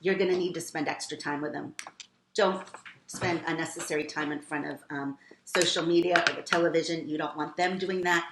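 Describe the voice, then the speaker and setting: A woman giving steady, list-like parenting advice on a live stream. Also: low voice, a little fast. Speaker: parenting educator. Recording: echoey room, faint background noise.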